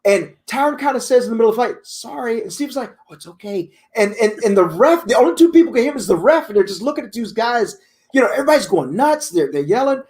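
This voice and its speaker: A man's voice: extremely high pitch, big pitch swings, quick pace, darkish tone. A man co-hosting a casual chat, laughing often and repeating words as he tells a story.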